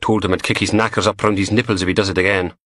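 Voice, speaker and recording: A male narrator voicing a punky young female forensic technician who teases in a dry, deadpan way. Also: low voice, rapid-fire, dry recording. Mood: teasing.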